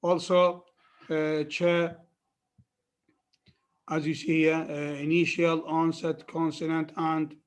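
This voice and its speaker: A man's voice: a little high, completely flat delivery, a little slow, few pauses. Arabic-accented man giving a lecture. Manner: repetitive, emphatic teaching with many restarts. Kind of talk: phonetics lecture.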